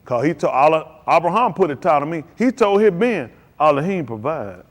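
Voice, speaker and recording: Speaking at a normal speed, this male pastor has a fairly high, very animated voice. He delivers a live-streamed sermon to his flock, repeating himself emphatically and driving in brief, punchy statements.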